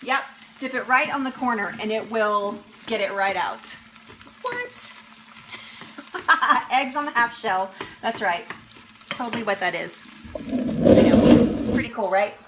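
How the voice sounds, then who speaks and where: A woman cooking show host speaks slowly with lively intonation, pausing often, in a slightly high, somewhat bright voice. At her kitchen stove she hosts a live demonstration, chatty and bubbly and laughing with viewers, as a frying pan sizzles and a little hiss or hum runs underneath.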